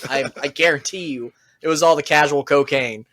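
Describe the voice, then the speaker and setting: Podcast co-host, man, 30s, high voice, animated swearing storyteller. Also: moderate pace, no echo. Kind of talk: casual profane banter.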